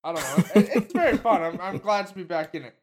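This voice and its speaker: This co-host's voice sits high and darkish, and he talks fast. Chatting casually on the podcast, he rambles with lots of fillers and restarts.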